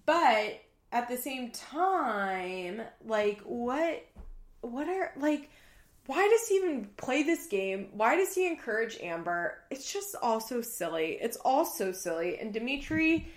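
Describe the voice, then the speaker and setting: A woman's voice: on the high side, sing-song, takes it slowly, roomy sound. Chatty sarcastic woman podcast host. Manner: chatty, sarcastic, swears freely. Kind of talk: casual recap podcast.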